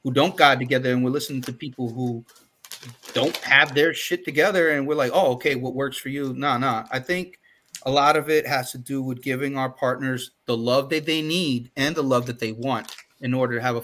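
Bright-voiced man on a podcast. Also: medium pitch, fairly quick, a little hiss or hum. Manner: earnest, emphatic, gets loud and fired up. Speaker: podcast co-host. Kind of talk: casual podcast discussion.

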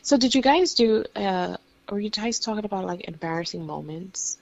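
A woman's voice: mid-range voice, lively intonation, moderate pace, creaky, darkish tone, dull audio. A woman co-hosting a casual chat, talking in a chatty, rambling way. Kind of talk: casual chat among friends.

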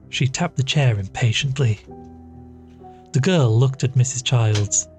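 A man with a medium-pitched voice narrates a classic story from a script. His storytelling is measured and steady, with faint music in the background.

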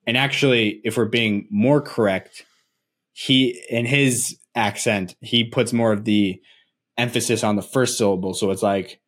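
A man's voice: on the low side, steady tone, a little slow, fairly bright tone. A man from Nebraska co-hosting a casual basketball podcast, rambling along and laughing easily. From Nebraska, USA. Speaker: podcast co-host.

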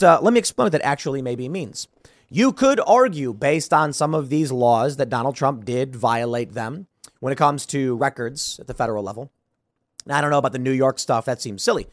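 A man's voice: medium pitch, animated, a little fast, no room sound, studio quality. A man hosting a solo political commentary show, sarcastic and combative, firing off rhetorical questions.

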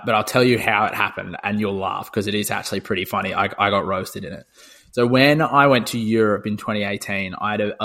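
A man's voice: fairly low pitch, sharp tone. A young man co-hosting a podcast, chatting casually in a rambling way, swearing freely and full of fillers and restarts. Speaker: podcast co-host. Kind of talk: casual chat.

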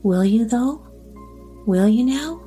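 A woman's voice: medium pitch, unhurried, dark tone, faint music behind, close to an everyday voice. A woman voicing a talkative, anxious old grandmother in a storybook reading. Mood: eager. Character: chatty fussy old grandmother.

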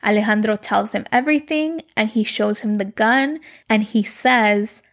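A young adult woman casually recapping a TV series, chatty and expressive, with lots of "like". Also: medium pitch, normal speed, hardly any pauses.

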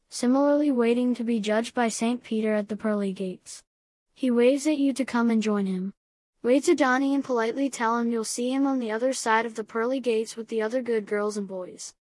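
A woman reading scripted comedy narration, giving absurd advice in a calm, matter-of-fact way. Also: fairly high pitch, dry recording.

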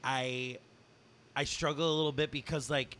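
Bright-toned man, gushing podcast host. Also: mid-range voice, flat delivery, normal speed. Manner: enthusiastic, swears casually, many fillers. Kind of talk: casual chat. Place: bar.

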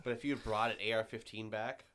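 Deadpan joking young man. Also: lowish voice, fast talker. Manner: short deadpan reactions and crude quips. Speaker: podcast co-host. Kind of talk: casual comedy chat.

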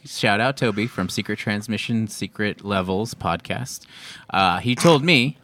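A man's voice: fairly low pitch, a little slow, a bit bright, no echo. A man co-hosting a casual podcast, laughing often, swearing freely and acting out what others said. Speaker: podcast co-host. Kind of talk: casual chat.

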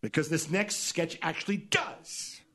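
A male host doing a comedic monologue, riffing with animated exasperation. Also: fairly high pitch, unhurried. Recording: live audience laughter.

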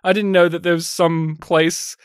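An Australian man chats about a film on a podcast, animated and quick to laugh. His voice sits on the higher side for a man and comes across smooth and resonant. The recording is dry and close. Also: dry recording. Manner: animated, acts out scenes in voices, laughs often. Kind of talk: casual film review chat.

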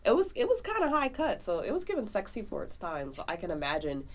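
A woman's voice: mid-range voice, wildly swooping pitch, fast talker, slight background noise. A woman co-hosting a podcast, chatting casually and animatedly about a film, full of fillers. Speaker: podcast co-host. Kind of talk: casual movie review chat.

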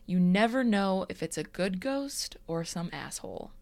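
A woman co-hosting a casual podcast, teasing and quick to laugh. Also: mid-range voice, creaky. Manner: lively, teasing, laughs often. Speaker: podcast co-host.

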